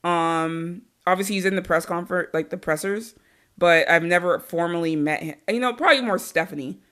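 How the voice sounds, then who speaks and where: A woman from Arizona, a guest on a podcast, chatting casually and telling stories in an animated way, laughing often and swearing freely. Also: lowish voice, normal speed, smooth. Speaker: podcast guest, wrestling interviewer.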